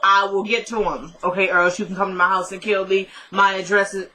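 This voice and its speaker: Bright-voiced woman casually recapping a show. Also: medium pitch, fairly quick, low-quality recording. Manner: animated storytelling, laughs often. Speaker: TV episode recap reviewer.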